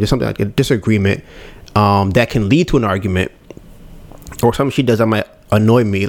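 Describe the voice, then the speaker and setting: A man hosting a podcast, talking candidly and rambling about handling his anger, acting out his own thoughts. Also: fairly low pitch. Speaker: podcast host. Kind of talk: casual solo podcast talk.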